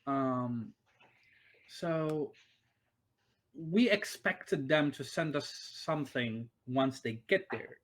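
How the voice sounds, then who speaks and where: A man of average pitch runs a tabletop game, pausing often on fillers and restarting his sentences. His delivery is loose and unscripted, the voice of a game master thinking aloud. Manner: hesitant, many fillers and restarts. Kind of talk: narrating and voicing a tabletop game.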